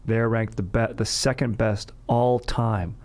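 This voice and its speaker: A man's voice: on the low side, steady tone, measured pace, a little mellow. A man hosting a casual sports podcast, rambling and joking, often breaking into laughter. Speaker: podcast host.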